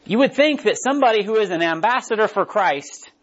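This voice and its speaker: A man gives a conversational sermon and often checks in with his listeners. His voice sits high for a man. The recording is dull and lo-fi. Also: expressive, fairly quick. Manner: casual, keeps asking "right?". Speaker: preacher. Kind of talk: conversational Bible teaching.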